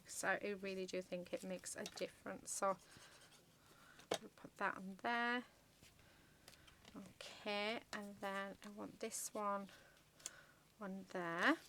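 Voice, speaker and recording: A woman's voice: mid-range voice, sharp tone, a little hiss or hum. A woman chatting casually through a card-making tutorial, gushing over her work with many ums and murmured asides. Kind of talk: casual crafting tutorial chat.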